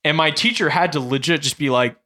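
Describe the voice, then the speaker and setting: A young man with a Southern American accent, chatting casually and telling animated, laughing stories. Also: a little high, a little fast. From Southern United States. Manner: animated storyteller, laughs often. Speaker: podcast guest. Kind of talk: casual chat.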